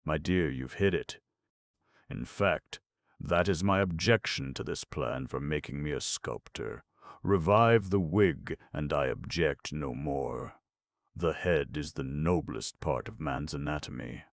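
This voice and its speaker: A man voicing a sedate, droll young gentleman who speaks softly and hesitantly, in an audiobook. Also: rumbling low, a little slow, dry recording, clean studio sound. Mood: wry. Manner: soft, gentle, hesitating delivery.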